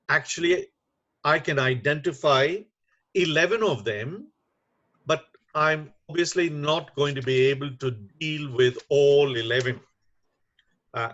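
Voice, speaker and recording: Male webinar lecturer, slow and measured, muffled computer mic. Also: medium pitch, fairly bright tone. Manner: measured, unhurried, with frequent uh fillers. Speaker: webinar lecturer on teaching reading. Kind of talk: online lecture.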